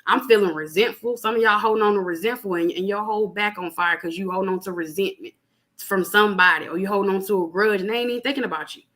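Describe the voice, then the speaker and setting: Bright-voiced woman giving spiritual advice. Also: medium pitch, fast. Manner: animated, preachy, plainspoken with lots of fillers. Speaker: podcast guest. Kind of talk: casual spiritual chat.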